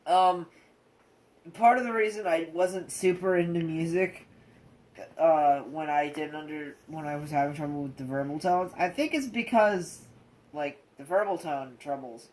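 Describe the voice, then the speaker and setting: A young man in casual chat, talking haltingly and searching for words, with many restarts as he explains his own experience. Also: a little high, a little mellow, rough recording. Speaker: co-host sharing his experience with autism.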